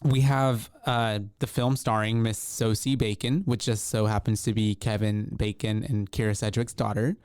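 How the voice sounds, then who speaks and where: A man's voice: lowish voice, little pitch movement, normal speed, hardly any pauses, a little mellow, clear, resonant tone, no room sound, studio quality. A man co-hosting a casual podcast chat, rambling with many ums and restarts. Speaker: podcast co-host.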